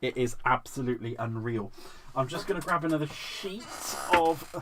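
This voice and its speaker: A man's voice: mid-range voice, lively intonation, moderate pace, very noisy. A man hosting a live crafting demo. He is giggly and playful, mocks himself and answers viewers' comments as he works. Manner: giggly, playful, self-mocking, reacts to chat comments. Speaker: crafting livestream host.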